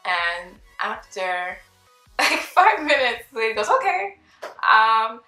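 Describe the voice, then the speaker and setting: Bright-voiced young woman telling a story. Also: medium pitch, slow. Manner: chatty and animated, acts out the people she quotes. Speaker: vlogger. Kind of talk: casual storytime. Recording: roomy with faint background music.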